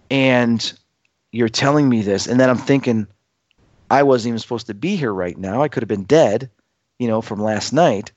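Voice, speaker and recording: With the highs cut off and no room sound in the recording, a medium-pitched man relates a dramatic story from his own life. He's emphatic and animated, acting out the voices of people he quotes.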